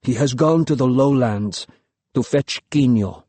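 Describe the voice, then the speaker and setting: A man voicing a kind, gentle young male warrior who speaks softly and calmly in an audiobook. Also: mid-range voice, unhurried, no room sound, lightly acted. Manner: soft-spoken, calm.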